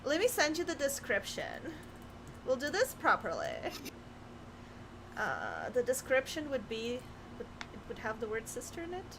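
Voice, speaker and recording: A woman co-hosting a game stream in casual, excitable chat, often flustered. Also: fairly high pitch, normal speed, long pauses, noisy background. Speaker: streamer co-host.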